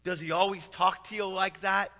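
A man's voice: high-pitched, fairly even intonation, normal speed, pushed and bright, long reverb tail. A man voicing a courteous police officer who speaks formally. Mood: polite.

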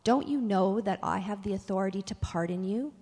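A woman's voice: medium pitch, fairly quick, dark tone, big-room sound, natural voice. A woman voicing an uneasy, impatient Roman governor in a scripture reading, with a raised, questioning tone. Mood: pressing.

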